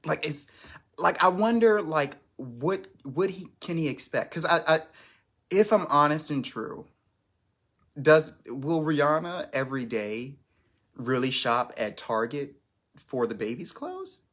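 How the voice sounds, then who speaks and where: A man's voice: on the high side, very animated, a little slow, fairly bright tone. A man hosting his first live stream, chatting casually in a rambling, self-conscious way with lots of restarts.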